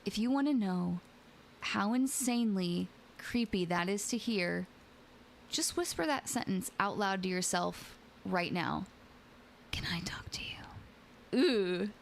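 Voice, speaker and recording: A woman's voice: medium pitch, vocal fry, a little hiss or hum. A young adult woman hosting a live stream, reading scary stories aloud and chatting playfully with viewers, often giggling. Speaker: VTuber streamer and host. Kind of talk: casual stream chat and story reading.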